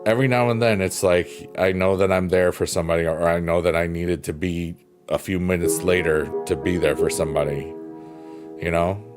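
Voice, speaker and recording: A man live-streaming, chatting casually and reading viewer comments, soft-spoken and reflective, pausing with fillers. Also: deep voice, steady tone. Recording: piano music playing behind the voice.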